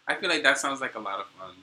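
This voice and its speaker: A man with a New York accent, co-hosting a podcast in casual chat. He talks in an animated, bubbly way and laughs often. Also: medium pitch, brisk, rough recording. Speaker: podcast co-host.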